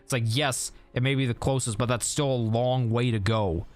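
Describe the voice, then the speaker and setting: A man's voice: mid-range voice, steady tone, normal speed, faint music behind. A young man streaming while he plays a game, chatting loosely with viewers, often sidetracked and laughing at his own stories. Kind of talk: casual live-stream chat while gaming.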